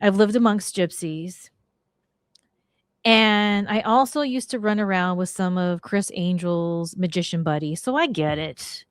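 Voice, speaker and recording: A middle-aged woman casually telling a story on her podcast, slangy and animated, acting out the people she quotes. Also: lowish voice, a little slow, clear, resonant tone, no echo, studio quality. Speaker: podcast host.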